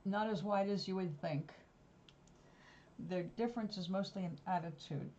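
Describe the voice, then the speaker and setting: A woman talks in a loose, wandering way, drifting from one story to the next. Her voice is mellow and soft-edged. The recording sounds a little dull and lo-fi. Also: mid-range voice, normal speed, a little hiss or hum. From New York. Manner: rambling, digressive storytelling. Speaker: vlogger. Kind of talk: casual chat.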